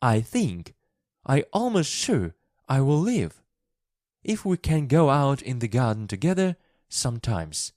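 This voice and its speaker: A man's voice: medium pitch, very animated, unhurried, darkish tone, no echo, studio quality, voice pushed up. A man voicing a sickly, spoiled and frightened boy in a storybook reading for English learners, with a whining, self-pitying manner. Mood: tired.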